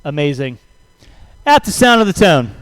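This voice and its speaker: A man calling a hobby race over the track speakers, brisk and jokey, reeling off driver names in quick runs. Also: a little high, sing-song, no echo, low-quality recording. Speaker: race announcer. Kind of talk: live race commentary.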